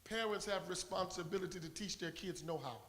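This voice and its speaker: A pastor preaching a sermon to his congregation, building to shouted peaks and calling for responses. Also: high-pitched, brisk. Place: church sanctuary. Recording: long reverb of a church hall.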